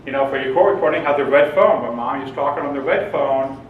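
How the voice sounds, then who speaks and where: A man gives a humorous seminar talk to an audience, joking, telling stories and laughing often. His mid-range voice moves at a quick pace. The audio is narrow and tinny, recorded in an echoey room with the mic at a distance.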